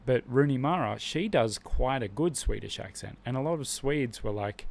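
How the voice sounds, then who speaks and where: A man's voice: medium pitch, expressive, normal speed, vocal fry. A man hosting a live stream, talking casually and with strong opinions, rambling and restarting his sentences often.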